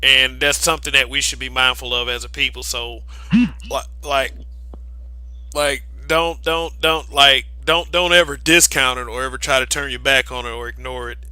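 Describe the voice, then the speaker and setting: A man's voice: mid-range voice, steady tone, normal speed, pushed and bright, no echo, poor audio. A man co-hosting a casual podcast discussion, talking emphatically with frequent restarts. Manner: emphatic, many restarts, laughs between points. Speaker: podcast co-host.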